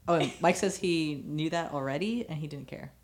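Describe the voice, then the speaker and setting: A woman with a low voice co-hosts a podcast in a loose, casual chat. She rambles, trailing off with fillers and starting her sentences over. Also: normal speed. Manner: rambling, many fillers and restarts. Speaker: podcast co-host.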